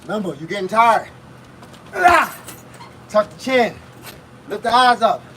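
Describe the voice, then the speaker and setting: Breathless, high-voiced boxing coach grunting through punches. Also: male voice, expressive, normal speed, a bit bright, slight background noise, low-quality recording. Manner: grunts with each punch between short spoken cues. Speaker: fitness coach. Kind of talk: live boxing workout coaching.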